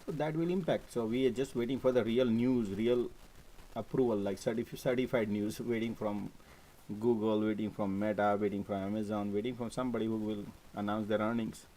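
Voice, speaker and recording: Animated man hosting a market live stream. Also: lowish voice, a little fast, low-quality recording. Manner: animated, repeats words, frequent "right?" and "guys". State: coughing, choked up at times. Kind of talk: casual live-stream talk.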